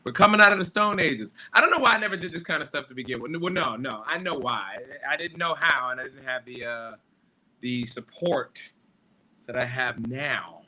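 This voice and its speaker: A man's voice: mid-range voice, pushed and bright, slight background noise. A man hosting a live podcast stream, telling casual, profane stories full of fillers and asides. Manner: loose, profane storytelling with lots of fillers. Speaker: podcast host.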